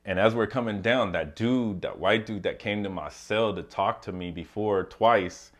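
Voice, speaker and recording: A man's voice: lowish voice, normal speed. A man casually telling his prison story to the camera, loose and profane, with many fillers and asides.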